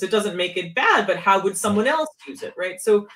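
Woman guest, keytar player, casual talk, lively swoops on key words. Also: lowish voice, normal speed, hardly any pauses. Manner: animated, swooping emphasis. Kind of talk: casual chat.

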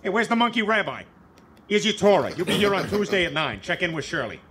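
Blustery cartoon dad. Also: male voice, sits high, very animated, fast talker, a little hiss or hum. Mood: bossy. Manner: loud, blustery, exasperated rants. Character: loud bumbling cartoon dad, middle-aged man. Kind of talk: cartoon sitcom voice acting.

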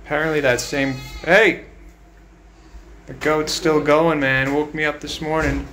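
A man's voice: on the high side, level tone, normal speed, a bit bright, a little hiss or hum, poor audio. A man hosting a casual vlog, talking in a wry, playful, teasing way. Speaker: vlog host. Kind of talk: casual joking vlog narration.

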